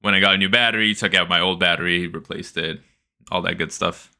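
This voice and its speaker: Bright-voiced man telling a story. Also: deep voice, steady tone, a little fast, gravelly. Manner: rambling storyteller, many fillers. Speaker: podcast co-host. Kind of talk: casual chat.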